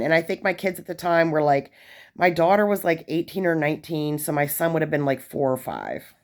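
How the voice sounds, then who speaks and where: A woman's voice: low voice, expressive, brisk. A woman in her forties telling a story in a chatty, casual way, with lots of fillers and asides. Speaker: vlogger sharing prison experiences.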